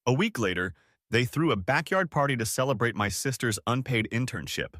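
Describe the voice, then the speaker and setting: A man's voice: mid-range voice, big pitch swings, a little fast, a bit bright, no room sound, studio quality. A man in his twenties narrating his own story in a casual, slangy first-person style. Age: 20s. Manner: casual, slangy, spelled-out abbreviations.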